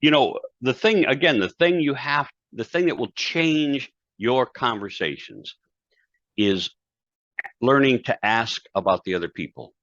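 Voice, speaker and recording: A man's voice: medium pitch, a little slow, a bit bright, dry recording. A man, a guest speaker and author, talking conversationally and acting out quoted dialogue in his stories. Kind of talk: conversational interview talk. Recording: dull, dry lo-fi sound.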